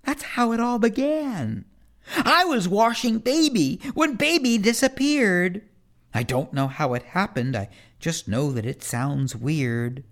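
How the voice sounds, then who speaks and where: A reader performing rhyming children's poems in a first-person kid's voice, with a playful sing-song delivery. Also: medium pitch.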